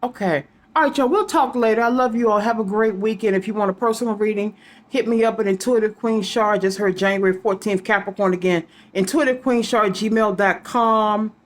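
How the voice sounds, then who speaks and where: A woman's voice: mid-range voice, brisk. A woman giving a casual psychic reading to her viewers, rambling and repeating names and letters aloud as she goes. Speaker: psychic reader.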